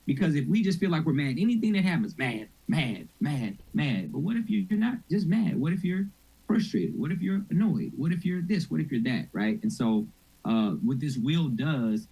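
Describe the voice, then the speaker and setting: A husky-voiced middle-aged man teaching a church mental health session. He talks informally and keeps checking whether his listeners are following. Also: medium pitch, normal speed, warm tone, rough recording. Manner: conversational, informal, asks audience questions. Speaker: mental health ministry speaker.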